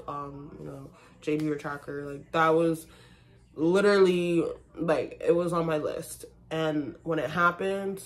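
A young woman chatting casually to her viewers in a vlog, talking to them directly and breaking into excited bursts. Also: low voice, creaky. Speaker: vlogger.

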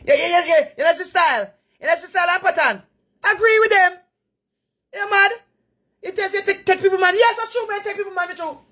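A Jamaican woman putting on a high, mocking sing-song voice of someone who agrees with every accusation. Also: brisk, pushed and bright.

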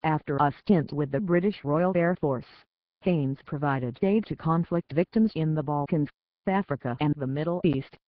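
Man, news reader, slightly high voice, steady scripted delivery, thin phone-like sound, dry. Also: normal speed, no echo.

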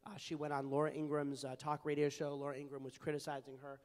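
A young man with a fairly high voice speaks earnestly on a panel, telling personal stories with plenty of fillers and restarts. His voice rings out with a long reverb, as if he is in a large hall. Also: completely flat delivery, quick pace. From California. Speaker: panelist, advocacy group founder. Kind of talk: panel discussion. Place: large hall at a public forum.

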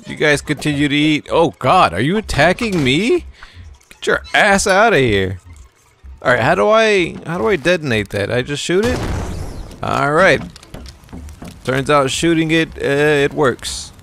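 A man's voice: fairly high pitch, expressive, a little slow, vocal fry, fairly bright tone, soft background music. A man giving jokey let's-play commentary and talking back to the enemies in the game. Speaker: gaming video host.

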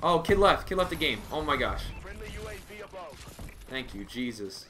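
A young man giving live commentary on his own gameplay, muttering callouts and bursting into frustrated yells. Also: mid-range voice, measured pace, crowd noise. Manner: excitable, swings from muttering to yelling in frustration. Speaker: gamer streamer.

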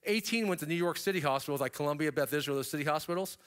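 Very fast yet smooth, a middle-aged man on a keynote stage shares his story in a somewhat high male voice. His pitch springs upward to stress points, and he adds casual asides for the audience.

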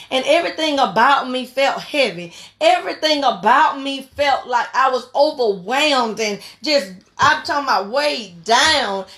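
A woman's voice: high voice, fairly bright tone. A woman preacher giving an impassioned sermon, repeating her phrases and urging her listeners on. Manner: repetitive, exhorting, fervent. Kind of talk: impassioned sermon on a prayer line.

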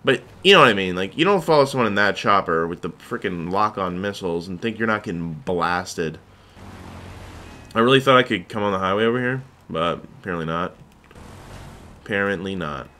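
Bright-voiced young man chatting over gameplay. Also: low-pitched, expressive, brisk. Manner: rambling, jokey, chatty. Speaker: gaming video host. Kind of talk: casual gameplay commentary.

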